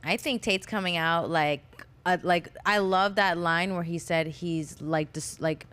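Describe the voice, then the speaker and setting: A man's voice: a little high, measured pace, pushed and bright, clean tone. Eager podcast co-host, a man. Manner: eager, lots of "like" and "you know". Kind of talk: casual podcast chat.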